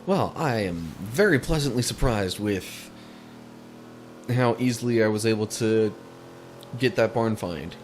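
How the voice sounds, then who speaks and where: A man casually commenting on his own racing gameplay. He is chatty, laughs easily and gets excitable while driving. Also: fairly low pitch, unhurried, pauses often, a little hiss or hum. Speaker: gaming channel host. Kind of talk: casual let's play commentary.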